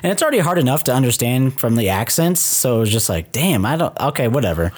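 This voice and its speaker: A man's voice: medium pitch, big pitch swings, quick pace, breathy edge. A man co-hosting a casual movie review podcast, laughing often and riffing on jokes. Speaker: podcast co-host.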